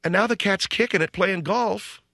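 A middle-aged man hosting a radio call-in show, telling stories in an animated, rambling way from a studio. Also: high voice, normal speed, gravelly, no room sound. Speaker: radio talk show host.

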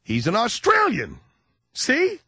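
A man playing a loud, bigoted male talk radio commentator who shouts and blusters at callers. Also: extremely high pitch, huge pitch swings, takes it slowly, breathy edge, no echo, heavily acted. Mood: smug. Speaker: radio show host. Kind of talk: comedic talk radio character.

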